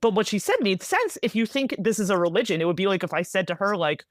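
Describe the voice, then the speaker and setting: American woman author guest, mid voice, chatty and quick, dead-dry recording. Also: medium pitch, no echo. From United States. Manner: animated, rapid, filler-heavy with frequent "like" and "right?". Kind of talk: conversational interview answers.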